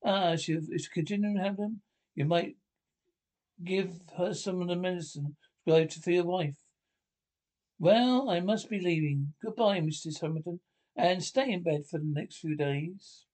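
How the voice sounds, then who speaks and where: A man reading a calm family doctor. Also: high-pitched, a little slow. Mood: reassuring. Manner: reads stage directions aloud before lines.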